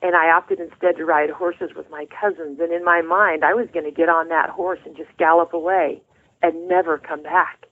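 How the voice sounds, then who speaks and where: This middle-aged guest author speaks at a normal speed in a lowish voice with fairly even intonation. She earnestly and warmly recounts her journey of faith during an interview, heard through a tinny phone connection.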